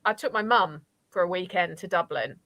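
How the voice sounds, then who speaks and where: A woman's voice: on the low side, lively intonation, normal speed, creaky, bright, forceful tone, no room sound. A woman from England hosting a podcast in casual chat, an attentive listener who recounts a visit. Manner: attentive listener, frequent short backchannels. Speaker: podcast host.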